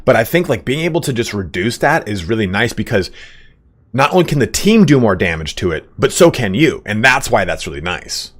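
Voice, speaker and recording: Guy on a game stream, kinda low voice, rambles and laughs a lot, swears casually. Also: sing-song, brisk. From California. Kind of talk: casual chat while gaming.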